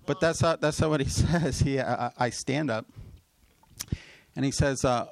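A middle-aged man, a pastor, telling a personal story in a sermon, with loud emotional peaks and quick asides. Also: medium pitch, steady tone, gravelly. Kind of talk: sermon testimony.

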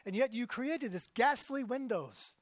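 A man's voice: extremely high pitch, lively intonation, measured pace, no room sound, clean studio sound, voice pushed up, full character voice. A man voicing God as a fussy, kindly old man with a Yiddish accent, told as a joke in a sermon. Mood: chatty. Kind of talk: comic joke-telling in a sermon.

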